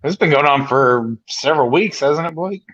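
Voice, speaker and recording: A man's voice: fairly high pitch, lively intonation, normal speed, a bit bright. Rambling man on a muffled call. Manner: opinionated, talks in long rambling sentences. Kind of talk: casual chat on a live stream. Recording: dull, muffled call audio.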